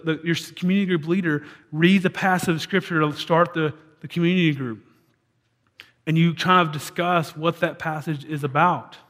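A man's voice: fairly high pitch, a bit bright. A man preaching a sermon as a church pastor, talking in a conversational way with frequent restarts.

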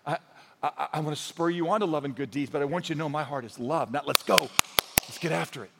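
A man with a fairly high voice preaches in a large church, his words ringing through a long hall reverb. He talks to the crowd like a friend, telling stories with humor, then pushes his points home with rising force. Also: fast, vocal fry, pushed and bright, slightly rough. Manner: conversational, storytelling with humor, rises to emphatic. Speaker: pastor. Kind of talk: sermon.

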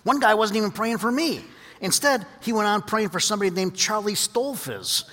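A man preaching a sermon, telling a lively story and then turning to quiet, earnest teaching. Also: high-pitched, moderate pace. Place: large hall with audience. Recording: long hall reverb.

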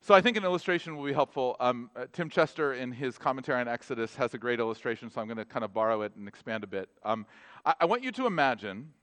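A man's voice: mid-range voice, lively intonation, fast talker, a bit bright, dry recording. A man preaching a casual, conversational sermon as a pastor, full of asides and laughing at his own jokes.

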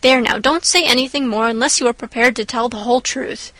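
A woman's voice: on the high side, fairly quick, a bit bright, no echo. A woman reading the part of a stern older woman who scolds a child.

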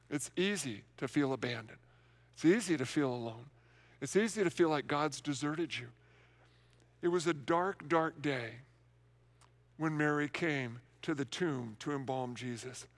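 A man's voice: on the high side, a bit bright. A male pastor preaching an Easter sermon in a large, empty worship center, earnest and repeating words for emphasis.

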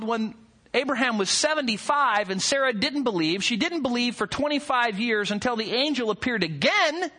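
A man preaching a teaching sermon in a bright, ringing voice that climbs and falls a great deal. He leans hard on key words and keeps throwing questions out to his listeners. His delivery is emphatic and animated. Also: extremely high pitch. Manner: emphatic, asks the audience rhetorical questions. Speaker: pastor. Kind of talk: expository sermon.

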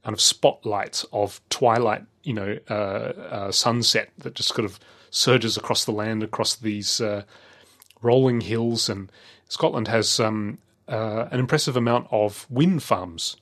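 A man's voice: fairly low pitch, a little slow, a bit bright. A middle-aged man telling a travel story in casual chat, rambling with many fillers and restarts.

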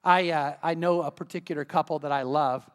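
A man preaching a sermon as pastor, earnest and emphatic, sometimes dropping to a quiet, intense tone. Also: a little high, steady tone, brisk. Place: church sanctuary. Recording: long hall reverb.

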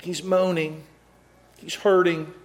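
A middle-aged man delivering a sermon in a notably high voice. He preaches with energy, acting out the people he quotes. He rises to loud calls and drops to hushed, quiet stretches. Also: level tone, takes it slowly. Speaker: pastor.

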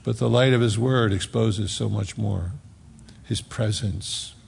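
Gravelly, husky man preaching in a hall. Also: fairly low pitch, fairly even intonation, a little slow. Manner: emphatic, swings from loud to hushed. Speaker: pastor. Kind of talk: sermon. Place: church sanctuary. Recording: long reverb of a large hall.

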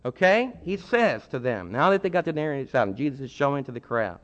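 A male pastor preaches with a lively, swooping delivery, slipping into the voices of the people he quotes. His voice sits a little high for a man. The recording is dull and muffled, with a long reverb trailing off the room. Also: fast, few pauses. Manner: animated, acts out quoted voices. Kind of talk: sermon.

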